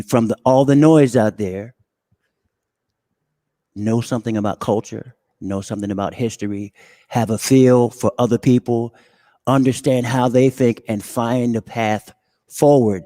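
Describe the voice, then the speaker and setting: A man appearing as a guest musician, speaking in a slow, reflective way. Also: medium pitch, fairly even intonation, dark tone, dry recording, studio quality. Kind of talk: interview talk.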